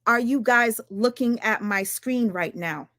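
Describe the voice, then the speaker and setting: A woman ranting on her livestream, firing rhetorical questions at her viewers, swearing often and talking fast and emphatically. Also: a little high, fairly bright tone, no echo, clean studio sound. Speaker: livestream commentator. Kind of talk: heated livestream rant.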